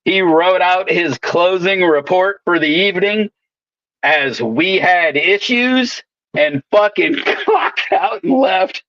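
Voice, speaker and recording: A man's voice: high voice, sing-song, slow pace, fairly bright tone, no echo, highs cut off. A man telling rowdy work stories in casual, profane chat, swearing constantly. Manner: swaggering storyteller, swears constantly. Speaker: welder co-host.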